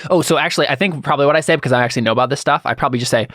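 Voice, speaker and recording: A man at mid pitch plays a tabletop game with a dry, skeptical edge, tossing in questions and know-it-all asides. His speech is casual and relaxed. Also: rapid-fire, few pauses. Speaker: player.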